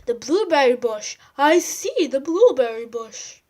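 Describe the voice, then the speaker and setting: A woman voicing a big, friendly male bear who calls out in a booming way. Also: very animated, measured pace, darkish tone. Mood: calling out.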